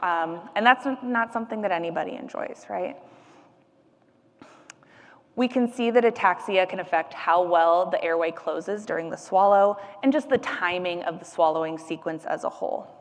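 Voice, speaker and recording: A woman's voice: fairly low pitch, normal speed, long reverb tail. A woman speech-language pathologist giving an educational presentation, explaining patiently with frequent fillers and demonstrating sounds.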